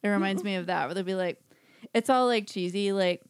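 A woman's voice: mid-range voice, clean tone, no echo, clean studio sound. Laughing, swearing woman podcaster. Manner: laughs often, swears freely, acts out quick silly voices. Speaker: podcast co-host. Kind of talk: casual chat.

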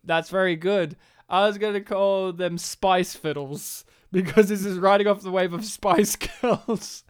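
A man chats about a film on a podcast. His voice is smooth and clear. He keeps the talk playful and often slips into short impressions of characters. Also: high voice, steady tone. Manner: playful, acts out characters in quick bits. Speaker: podcast co-host. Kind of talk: casual film chat.

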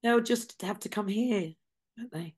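A woman's voice: medium pitch, unhurried, darkish tone, husky. A woman with a Scouse accent hosting a casual news show, chatty with sarcastic asides.

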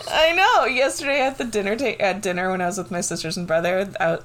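A woman co-hosting a casual podcast, chatty and quick to laugh, jumping from one story to the next. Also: mid-range voice, a bit bright. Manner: chatty, laughs often, jumps between stories. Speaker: podcast co-host. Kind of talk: casual chat.

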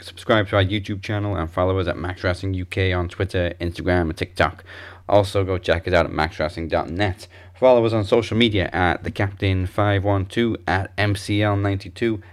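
A man's voice: deep voice, fairly even intonation, brisk. A man hosting a podcast, steadily reading out announcements and sign-offs. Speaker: podcast host.

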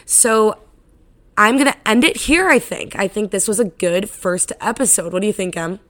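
Young woman, raspy voice, casual podcast host, rambling, swears, chatty. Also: medium pitch, normal speed, fairly bright tone. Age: 20s. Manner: rambling, loose and profane, lots of "like". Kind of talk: casual solo podcast chat.

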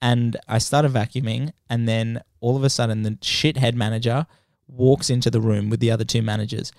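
Brief: male podcast host, mid pitch, animated storyteller, dry close sound. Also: brisk, dry recording. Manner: animated, swears freely, acts out the story. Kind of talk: casual chat storytelling.

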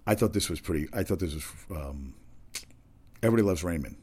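Deep-voiced rambling talk host. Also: male voice, animated, quick pace, warm tone, breathy edge. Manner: rambling, conversational, with restarts and asides.

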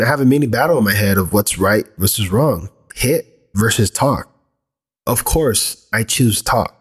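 A man's voice: mid-range voice, breathy edge. Earnest father talking candidly. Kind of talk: reflective personal talk.

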